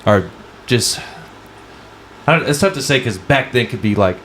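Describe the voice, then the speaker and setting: A man's voice: medium pitch, expressive, moderate pace, a bit bright. A young man co-hosting a casual podcast, laid-back and swearing freely, often chiming in with short agreements. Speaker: podcast co-host. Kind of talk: casual chat. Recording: faint background noise.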